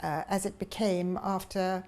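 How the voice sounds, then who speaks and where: A woman's voice: mid-range voice, steady tone, measured pace, a little mellow. A woman in an interview thoughtfully recalling her early career in children's television, with some hesitation. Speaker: former television producer, interviewee. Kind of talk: interview recollection.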